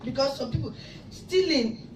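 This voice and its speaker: A woman from Africa giving an emotional testimony at a church service, her voice rising to loud praise. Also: high voice, expressive, normal speed. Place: church hall in Abu Dhabi. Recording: echoey hall, mic far off, noisy.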